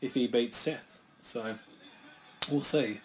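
A man's voice: mid-range voice, slow, fairly bright tone. Chatty man speculating over wrestling. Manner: chatty, speculative, laughs often. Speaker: co-host. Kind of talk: casual watch-along chat. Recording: faint background noise, lawnmower outside.

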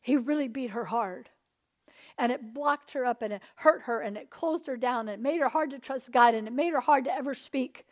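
Woman preacher, high voice, impassioned charismatic testimony, from hushed to loud. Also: moderate pace. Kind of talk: charismatic sermon.

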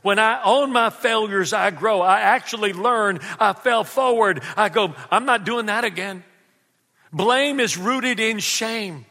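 A male pastor delivers his sermon in a high, ringing voice with a forceful edge. He presses each point and throws questions out to his listeners. His words carry a long reverb, as in a large church sanctuary. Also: unhurried, gravelly, few pauses. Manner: emphatic, calls out questions to the congregation.

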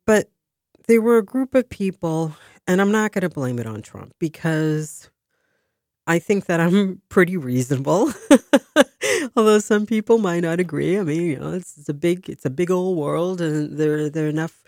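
A woman's voice: fairly low pitch, animated, normal speed, a little mellow, no room sound, studio quality. A woman hosting a community radio talk show, speaking casually and rambling with restarts.

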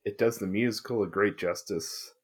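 Wry low-voiced man cracking jokes. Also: steady tone, normal speed, husky. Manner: wry and joking, loose asides. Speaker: podcast co-host. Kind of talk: casual podcast movie chat.

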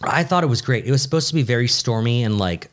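Casting: young adult male co-host, mid-pitched, loose and profane, rambling storyteller. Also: fast talker. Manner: animated, swearing, rambling with restarts. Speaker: podcast co-host. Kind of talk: casual storytelling chat.

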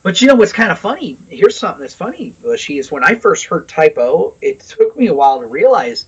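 A man co-hosting a podcast, chatting casually about music, animated and swearing freely, telling anecdotes. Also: on the high side, brisk, breathy edge, distant mic, dull audio. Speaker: podcast co-host.

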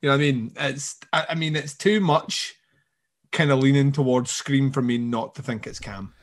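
A man co-hosting a podcast, chatting casually about a show with quick agreeing asides and jokes. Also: mid-range voice. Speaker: podcast co-host.

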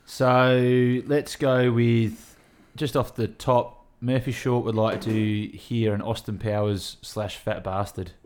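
A man's voice: mid-range voice, level tone, slow, hardly any pauses, slight background noise. A young Australian man co-hosting a casual podcast, dry and understated. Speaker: podcast co-host. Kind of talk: casual chat.

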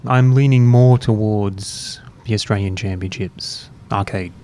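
A man's voice: on the low side, measured pace, mellow, a little hiss or hum. Rambling, self-mocking male podcast host. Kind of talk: casual chat. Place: university room, drinking beer.

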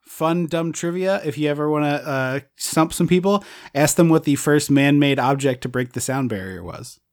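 A man hosting a podcast, rambling with enthusiasm about a movie in casual chat and often trailing off quietly. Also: fairly high pitch, moderate pace. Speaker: podcast host.

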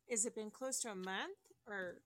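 A woman co-hosting a podcast, chiming in with short reactions and quick questions. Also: mid-range voice, a bit bright. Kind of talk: casual podcast chat.

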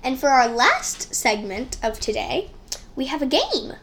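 A woman with a high voice co-hosting a casual podcast, talking slowly and deliberately. She reads out facts and introduces segments, scattering "like" through her sentences. Faint background hiss under the mic. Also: sing-song, a bit bright. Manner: upbeat, reads facts, many "like" fillers. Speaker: podcast co-host. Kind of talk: casual family podcast chat. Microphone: sensitive studio microphone.

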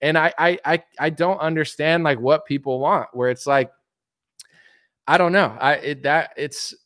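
A man streaming an opinionated political monologue, emphatic and mocking, acting out other people's replies in quick asides. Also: a little high, fairly bright tone, no echo, studio quality.

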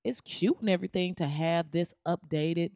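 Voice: medium pitch, normal speed, a little mellow, no room sound, clean studio sound. A podcast host giving blunt, profane, sarcastic commentary in a loose ranting style, laughing at their own jokes. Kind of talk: casual opinion commentary.

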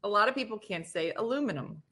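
A woman's voice: lowish voice, lively intonation, normal speed, bright, forceful tone. A woman co-hosting a morning radio show, chatting casually, teasing her co-host and laughing often.

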